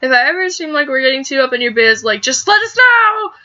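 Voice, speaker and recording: Woman doing squeaky gushy teen girl from a game, bright voice. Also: very animated, brisk, lo-fi sound, heavily acted. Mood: eager. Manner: high-pitched, gushing. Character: excitable, cheerful teenage girl, Mari.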